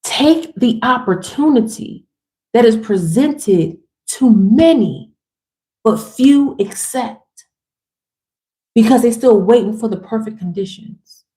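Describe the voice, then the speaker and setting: A woman's voice: fairly high pitch, expressive, takes it slowly, mellow. Fired-up, slangy woman giving a pep talk. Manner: fired-up, emphatic, swears casually; slangy, chatty, speaks straight to women viewers. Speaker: motivational speaker. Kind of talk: casual livestream pep talk.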